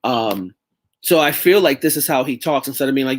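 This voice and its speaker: A man's voice: mid-range voice, lively intonation, a little fast. A man hosting a casual sports talk show, rambling loosely and swearing freely. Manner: loose and profane, rambling with restarts. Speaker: podcast host.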